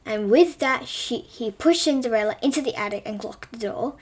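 A woman's voice: on the high side, moderate pace. Young woman reading her playful story. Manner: playful, with frequent self-corrections. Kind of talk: reading a self-written story aloud.

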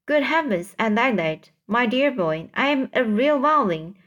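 A woman's voice: fairly high pitch, lively intonation, unhurried, a bit bright, highs cut off, pitched above the performer's own voice. A woman reading a storybook aloud and voicing a kindly, proud old male grasshopper who lectures fussily and trips over words. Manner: fussy, lecturing, stumbles on words.

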